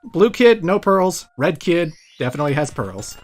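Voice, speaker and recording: A man's voice: fairly high pitch, big pitch swings, moderate pace. A man hosting a let's play, giving jokey, rambling gameplay commentary.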